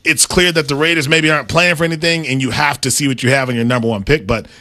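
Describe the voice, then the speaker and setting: A man co-hosting sports talk in casual back-and-forth. His voice sits a bit high, bright and very animated, poking fun at himself between points. The sound is dry and close. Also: no echo. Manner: conversational, self-deprecating, quick to laugh. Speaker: sports analyst co-host.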